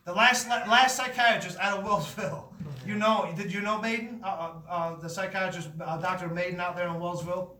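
High bright voiced preacher man, fervent and emphatic, echoey church sound from a bit off mic. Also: steady tone, moderate pace, far from the mic. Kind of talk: sermon with testimony.

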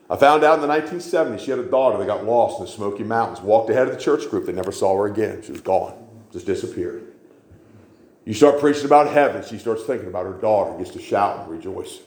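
A man's voice: lowish voice, darkish tone, echoey room. A man preaching a sermon, telling stories and repeating phrases for emphasis.

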